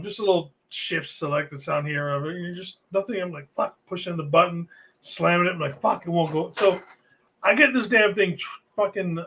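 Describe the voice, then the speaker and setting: A man's voice: high voice, a bit bright. A man co-hosting a casual sports podcast, telling a long profane story in a laid-back way. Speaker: podcast co-host.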